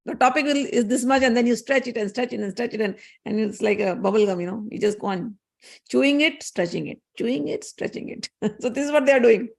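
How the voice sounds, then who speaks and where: Female spiritual teacher, storytelling discourse, conversational and explanatory, slightly high voice. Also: fast, gravelly. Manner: conversational, explanatory, with fillers and asides.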